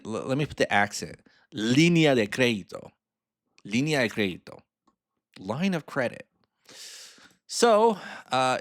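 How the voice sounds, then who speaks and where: A man walks through a screen-share finance lesson in a loose, chatty way, slipping in playful asides and chuckles. His voice sits at an ordinary middle pitch. The sound is dry and close, with no room around it. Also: dry recording. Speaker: financial mentor.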